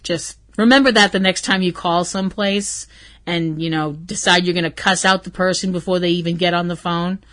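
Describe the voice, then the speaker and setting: A woman's voice: mid-range voice, a bit bright. A woman hosting a casual podcast, ranting candidly with lots of ums and some swearing, a little stuffy from hay fever. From Irish and Canadian heritage. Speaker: podcast host. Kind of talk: casual solo podcast rant.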